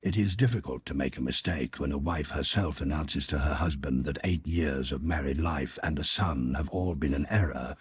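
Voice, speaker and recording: A man's voice: very deep voice, moderate pace, hardly any pauses, slightly rough, dry recording, exaggerated voice. A man playing a cold, stiff, wounded middle-aged husband who speaks in a clipped, formal way. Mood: bitter.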